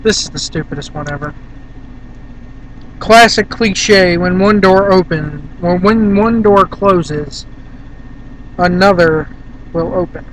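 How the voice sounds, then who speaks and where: Guy from virginia rambling in his car, high bright voice, faint traffic noise behind. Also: takes it slowly, long pauses, poor audio. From Virginia, USA. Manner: rambling, chatty, blunt. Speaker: vlogger. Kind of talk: casual vlog chat.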